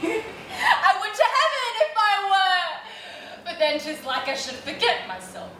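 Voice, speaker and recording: A woman's voice: very high-pitched, sing-song, takes it slowly, pushed and bright, exaggerated voice. A woman playing a frantic grieving mother queen. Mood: desperate. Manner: impassioned, swinging between wailing and bitter laughter. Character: grieving, frantic royal mother, half mad with loss. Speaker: acting student. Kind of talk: classical stage acting. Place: rehearsal room. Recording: echoey room taped from far off, noisy.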